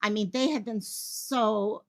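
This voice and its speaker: A woman hosting a live stream from her home office, talking fast and excitedly and jumping between thoughts as she greets chat viewers. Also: medium pitch. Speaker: livestream host covering a missing-child case.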